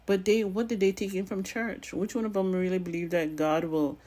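A woman talks straight into her vlog with a husky, breathy voice and a noticeable accent of her own. She gives her commentary bluntly and with sass. She swears freely as she talks. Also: medium pitch, fairly even intonation, normal speed, mellow. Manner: blunt, sassy and profane; has a non-standard accent of her own. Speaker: gossip commentary vlogger. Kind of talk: casual commentary.

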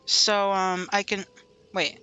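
A woman's voice: mid-range voice, flat delivery, slow, sharp tone, clear, resonant tone. A woman chatting casually through a gameplay livestream, talking to herself and to chat and laughing often. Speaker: streamer. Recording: light music behind the voice.

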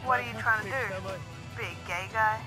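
A woman voicing a gruff, dim, stubborn male panda who talks in broken, muttered phrases, with game music behind. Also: on the high side, normal speed, distant mic, pitched below the performer's own voice, close to an everyday voice.

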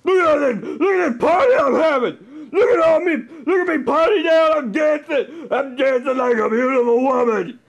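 A man's voice: very high-pitched, moderate pace, gravelly, hardly any pauses, muffled recording. A man playing a melodramatic, lonely young man who whines and shrieks through theatrical rants in a comedy sketch. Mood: mopey.

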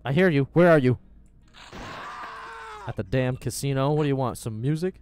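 A young man commentating his own game as he plays, reacting loudly with panicked yelling, curses and laughter. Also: mid-range voice, moderate pace, slight background noise. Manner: loud, jumpy reactions, swearing and panicked yelling. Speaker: gaming YouTuber. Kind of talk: let's play commentary.

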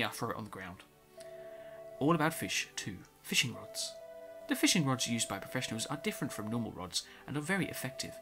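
A woman hosting a gameplay video, reading in-game books aloud with wry asides and mumbled self-talk. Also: extremely low pitch. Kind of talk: casual let's-play reading in-game books.

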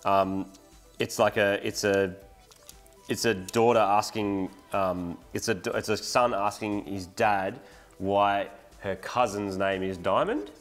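Brief: male co-host, lowish voice, laid-back chuckling banter, faint music behind. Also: takes it slowly. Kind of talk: casual banter.

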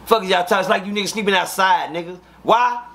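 High-voiced man telling prison tales. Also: fast. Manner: profane, animated, acts out quoted dialogue. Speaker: interview guest telling prison stories. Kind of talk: casual storytelling.

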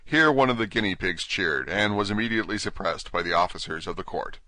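A man narrating an audiobook with expressive storytelling. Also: low voice, fairly quick, no room sound.

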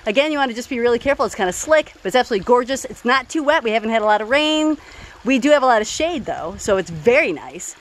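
A woman's voice: on the high side, animated, fast. A woman hosting a casual hiking vlog outdoors on a creek trail, chatty and upbeat with lots of fillers. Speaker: vlog host.

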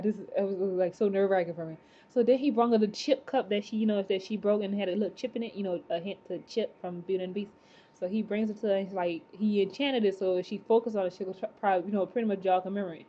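A woman casually recapping a TV episode, rambling with many fillers and excited exclamations. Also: medium pitch, fast, highs cut off. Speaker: TV episode reviewer.

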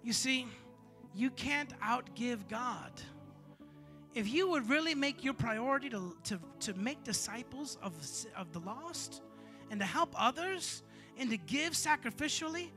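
A man preaching a sermon, telling a story with animated, sometimes shouted delivery. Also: very high voice, unhurried, soft background music. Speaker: bishop preaching.

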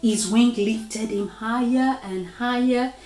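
A woman reading a children's story aloud in a slow, expressive way. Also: on the high side. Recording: echoey room.

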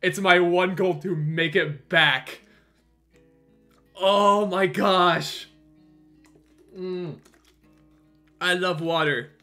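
A young man in his early twenties doing excited gaming stream commentary, shouting and swearing with his throat strained from screaming. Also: sits high, extremely slow, long pauses, soft background music. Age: early 20s.

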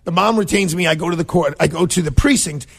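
A high-voiced middle-aged man talks quickly as a radio guest. He is a defense attorney who tells lively stories and acts out the voices of the people he quotes. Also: vocal fry, slightly rough. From Brooklyn. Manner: animated storyteller, acts out quotes. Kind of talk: call-in radio chat.

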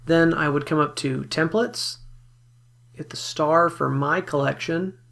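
Gravelly man walking through photo edits. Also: fairly high pitch, measured pace. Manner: relaxed, explanatory, with fillers. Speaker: photography software tutor. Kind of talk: screen-recorded software tutorial.

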